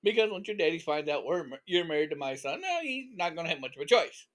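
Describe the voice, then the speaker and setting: A man's voice: a little high, sing-song, fast talker, a bit bright. A man voicing a scheming, arrogant middle-aged lord in a told story, who talks in a smug, bossy drawl. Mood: commanding.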